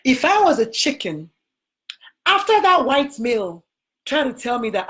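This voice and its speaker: A woman's voice: high voice, very animated, a little slow, pauses often, fairly bright tone. A woman with a Nigerian accent, a physician hosting a motivational talk, who speaks emphatically and repeats her key phrases. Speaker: physician host.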